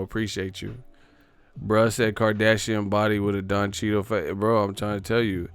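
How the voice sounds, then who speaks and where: A man hosting a livestream, reading super chats and ranting in a casual comedic way, profane and animated, laughing often. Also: lowish voice, moderate pace, clear, resonant tone, no room sound.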